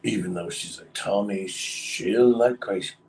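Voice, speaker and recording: A man's voice: low-pitched, unhurried, a little mellow, far from the mic, low-quality recording. A man casually telling a long story on a livestream, rambling with lots of fillers. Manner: rambling, many fillers, acts out quoted voices.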